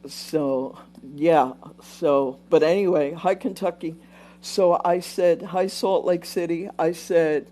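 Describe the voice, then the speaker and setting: A woman's voice: lowish voice, steady tone, slow, mellow. A woman telling a story on a live stream, wandering off to greet viewers and then picking the thread back up. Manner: meandering, breaks off to greet viewers. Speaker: livestream host retelling visions.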